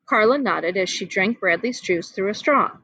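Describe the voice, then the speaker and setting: A woman reading a children's novel aloud outdoors in the wind, animated and giving the characters voices. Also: medium pitch, moderate pace, slightly rough, no room sound, low-quality recording. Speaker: reader. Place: outdoors, windy.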